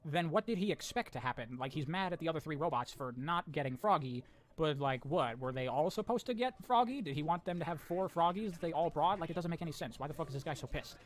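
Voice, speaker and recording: A man briskly recapping a game's story with blunt, sarcastic commentary and casual swearing. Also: fairly high pitch, animated. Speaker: video essayist narrating a story recap.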